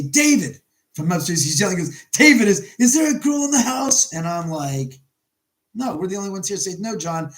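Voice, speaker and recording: A man's voice: a little high, a little mellow, poor audio. Rambling man hosting a home livestream. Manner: rambling storyteller, reads chat aloud. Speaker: livestream host. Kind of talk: casual livestream chat. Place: his house, indoors.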